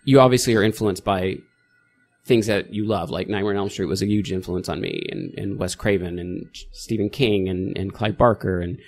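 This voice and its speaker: Rambling, animated male podcast guest. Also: sits low, moderate pace. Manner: rambling, self-correcting, animated storytelling. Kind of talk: casual interview chat.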